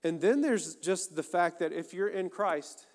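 A man's voice: sits high, unhurried. A man preaching a sermon, earnest and conversational, speaking directly to his listeners. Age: adult, married. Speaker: pastor. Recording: long reverb of a large hall.

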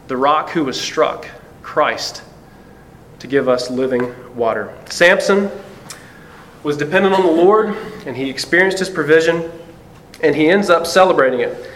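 Man, preaching, sermon, somewhat high voice, earnest, low emphatic drops, light background hiss. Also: moderate pace, pauses often, fairly bright tone, poor audio. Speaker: pastor.

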